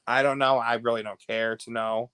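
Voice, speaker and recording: On his livestream, this American host gossips, reacts to viewers' comments and laughs a lot, moving between quiet asides and sudden loud outbursts. His voice is smooth and medium-pitched with little pitch movement, at a moderate pace and with no echo.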